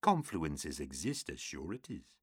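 A man voicing an ancient, wizened two-headed demon oracle, speaking in a low, measured hiss. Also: very animated, husky, dry recording, clean studio sound, heavily acted. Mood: ominous. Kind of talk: audiobook character voice.

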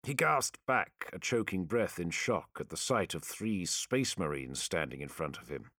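A man reading a sci-fi war story aloud as audiobook narrator, measured and dramatic. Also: low voice, animated, sharp tone, no echo, studio quality.

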